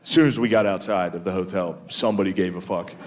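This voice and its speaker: A man's voice: low-pitched, steady tone, fast talker, a little hiss or hum. A man in his thirties doing a stand-up comedy routine on a club stage, talking loosely, swearing a lot and mocking himself. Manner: casual, swearing, self-deprecating, drops into silly voices. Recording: live club recording, loud audience laughter. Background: audience laughter.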